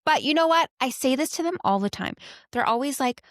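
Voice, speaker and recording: A woman in her thirties, a mother co-hosting a casual podcast chat, telling family stories in a lively way and laughing often. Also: high voice, fast talker, no room sound, studio quality. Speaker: podcast co-host.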